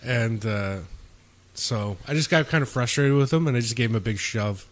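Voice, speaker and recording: A man hosting a podcast, telling stories in a relaxed way, swearing and acting out quotes. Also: mid-range voice, normal speed. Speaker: podcast host. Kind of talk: casual storytelling. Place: indoors, home.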